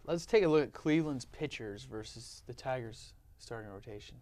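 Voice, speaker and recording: A man's voice: mid-range voice, a little fast, darkish tone, dry recording. A man hosting a casual sports talk show, teasing his guests as he talks. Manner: teasing, joking. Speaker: host.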